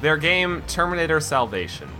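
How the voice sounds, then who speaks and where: A man's voice: moderate pace, faint music behind. A man co-hosting a podcast, reading listener comments aloud in a mock-dramatic voice and joking casually. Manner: animated, reads in a mock-dramatic low voice. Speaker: podcast co-host.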